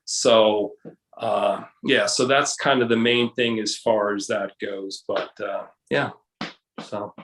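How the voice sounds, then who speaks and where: A man's voice: fairly low pitch, steady tone, slow, fairly bright tone, reverberant, a little hiss or hum, poor audio. A man guest in a casual video chat, explaining at length with many restarts and hesitations. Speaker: guest, case researcher.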